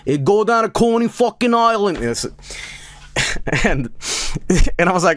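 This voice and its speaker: A young man's loose, profane commentary as he talks over his own travel footage. His pitch leaps around with every punchline and aside, and he often laughs at his own stories. The sound is dry and close, with no room around it. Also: big pitch swings, a little slow, a bit bright, no echo. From from outside America. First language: Swedish. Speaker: streamer giving video commentary.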